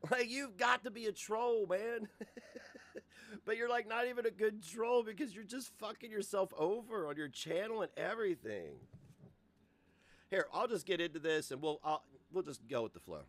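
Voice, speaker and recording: A man's voice: sits high, animated, normal speed, a bit bright. A man in his forties hosting a casual livestream rant, profane and mocking, often laughing. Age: 40s. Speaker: host.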